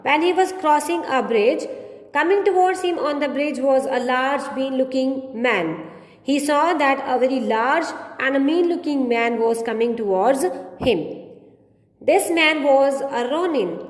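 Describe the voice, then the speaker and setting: A woman with an Indian English accent, teaching an English class. She reads a story aloud and restates each line in simple words. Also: sits high. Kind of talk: reading and explaining a story to a class. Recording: echoey room with long reverb.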